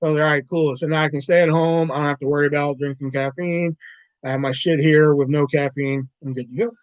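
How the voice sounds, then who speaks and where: A man's voice: fairly high pitch, steady tone, fairly quick, no room sound. A man hosting a live stream at home, telling a rambling, profane story in casual talk and laughing often. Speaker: livestream host. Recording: dull lo-fi dry mic.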